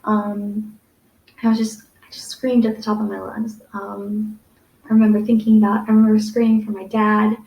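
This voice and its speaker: A woman's voice: mid-range voice, completely flat delivery, moderate pace, creaky, lo-fi sound. A young adult woman telling a personal story to camera, rambling with many fillers and restarts. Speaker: vlogger. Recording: echoey room.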